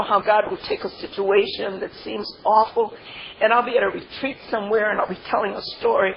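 An older woman sharing a heartfelt personal testimony, laughing through her stories and often saying "you know", on a dull lo-fi recording. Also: medium pitch. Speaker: speaker sharing a recovery testimony. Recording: dull lo-fi recording with faint noise.

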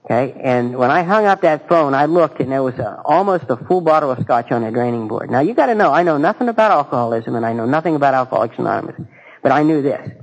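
A man giving a halting, earnest personal testimony to a recovery group, with dry self-mocking humor. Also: mid-range voice, expressive, low-quality recording. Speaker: speaker sharing his recovery story.

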